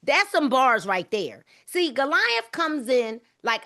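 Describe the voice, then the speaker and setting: Woman preaching hard at her live book club, high voice that swings up and down a lot, repeats herself. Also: big pitch swings, takes it slowly, hardly any pauses, sharp tone. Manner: fervent, preacher-like, repeating phrases; casual informal speech.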